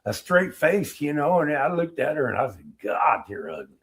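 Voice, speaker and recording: A middle-aged man, an Army veteran, telling war-era stories in a casual interview, animated and acting out what people said. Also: fairly high pitch, normal speed, husky. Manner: animated storyteller, acts out quotes, laughs.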